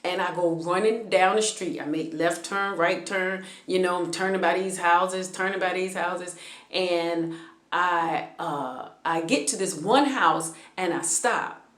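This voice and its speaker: A woman's voice: lowish voice, slow, fairly bright tone, reverberant. A woman vlogger telling a personal story in a casual, conversational way, with frequent hesitations and restarts.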